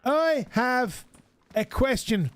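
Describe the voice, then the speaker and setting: A man voicing a confused tourist in a joke, speaking slowly and over-enunciated. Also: very high voice, expressive, voice pushed up, exaggerated voice. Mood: puzzled.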